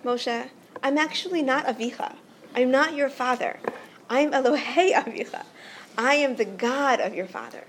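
A woman's voice: high voice, normal speed, a little hiss or hum, close to an everyday voice. A woman voicing God, musing aloud. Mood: gentle. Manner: musing aloud, reasoning with himself. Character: God, male, gentle and deliberating.

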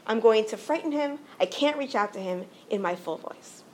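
A woman's voice: a little high, lively intonation, normal speed, a little mellow, a little hiss or hum, natural voice. A woman voicing God, musing aloud. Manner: musing aloud, reasoning with himself. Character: God, male, gentle and deliberating.

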